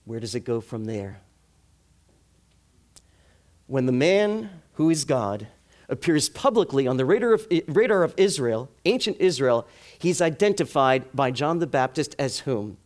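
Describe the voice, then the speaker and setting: A male preacher giving a sermon with a strongly varied, animated voice. He keeps putting rhetorical questions to the congregation and answering them himself. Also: medium pitch, unhurried.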